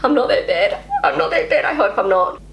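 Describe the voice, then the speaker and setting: A chatty woman vlogger, a native English speaker, talks casually to camera about language in a roomy space, mocking herself and repeating words as she practises. Her medium-pitched voice is sing-song and fairly quick, with a little hiss or hum.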